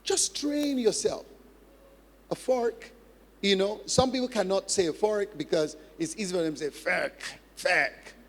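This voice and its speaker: A man's voice: high-pitched, big pitch swings, fairly quick, hardly any pauses, darkish tone. A male pastor giving a conversational teaching sermon, laughing often and repeating points for emphasis. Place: church hall. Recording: long church reverb, faint music.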